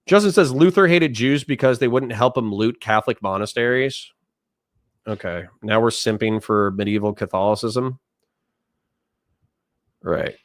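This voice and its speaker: A man's voice: medium pitch, unhurried, long pauses, dry recording, clean studio sound. A man hosting a livestream, reacting sarcastically with rhetorical questions and reading chat messages aloud. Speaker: streamer host.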